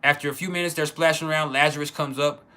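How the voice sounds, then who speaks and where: Man telling a story, halting. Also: fairly high pitch, fairly even intonation, bright, forceful tone, slight background noise. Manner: casual, halting, many restarts and repeats. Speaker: channel host. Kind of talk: personal storytelling.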